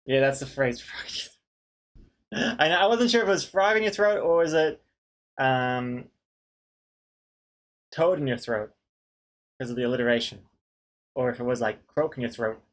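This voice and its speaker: A man chatting casually on a live stream, reading viewer suggestions aloud one by one. He jokes about each one and laughs between them. His pitch sits in the middle for a man. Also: unhurried, pauses often. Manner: jokey, reads names aloud, laughs often.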